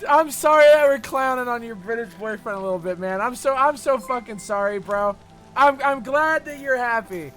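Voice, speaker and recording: A woman's voice: a little high, expressive, moderate pace, soft background music. A woman streaming a game, chatting casually, teasing and giggling, with frequent swearing. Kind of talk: casual gaming stream chat.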